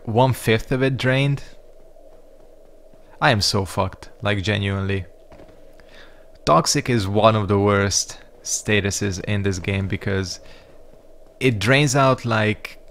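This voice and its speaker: A man's voice: fairly low pitch, fairly bright tone. A man giving casual let's-play commentary, rambling and reacting to the game with frequent swearing. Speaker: gaming YouTuber.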